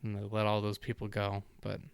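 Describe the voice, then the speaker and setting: A man with a smooth, lowish voice co-hosts a podcast. He tells his story in a chatty, self-mocking way. The sound is dry and close. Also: completely flat delivery, brisk, dry recording. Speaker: podcast co-host. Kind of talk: casual storytelling.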